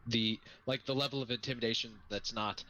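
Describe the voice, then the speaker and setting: A man's voice: medium pitch, fairly even intonation, a little fast, bright, forceful tone, rough recording. A young man playing a tabletop game, eagerly explaining his character's plans. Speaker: player. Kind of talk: casual tabletop game chat.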